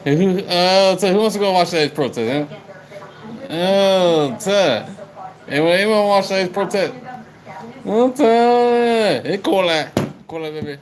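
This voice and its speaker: A man's voice: sits high, a little slow, poor audio. A young man livestreaming, chatting loosely with viewers, calling them by name, rambling and swearing a lot. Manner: rowdy, repetitive, swears a lot.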